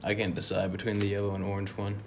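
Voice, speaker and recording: A man's voice: fairly low pitch, completely flat delivery, quick pace, a little mellow, slight background noise. A young man hosting a casual podcast chat, laid-back and rambling, full of slang. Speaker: podcast host.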